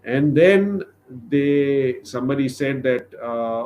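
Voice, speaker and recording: A man giving a livestreamed religious class, retelling a scripture story in a thoughtful, halting way with many fillers. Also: lowish voice, a little hiss or hum. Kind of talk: sermon storytelling. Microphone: livestream microphone.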